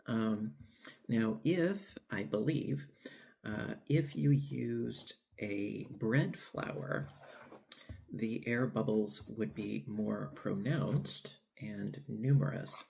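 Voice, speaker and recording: A man with a lowish, gravelly, slightly mellow voice speaks slowly as he hosts a home baking channel. He tastes his bread and savors it while rambling casually, full of fillers and restarts, in typical relaxed cooking-vlog talk.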